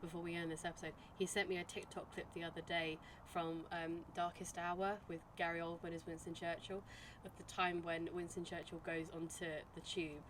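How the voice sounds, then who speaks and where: Give me a low-voiced woman with dry, teasing banter. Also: flat delivery, fairly quick, background noise. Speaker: podcast co-host. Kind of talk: casual banter.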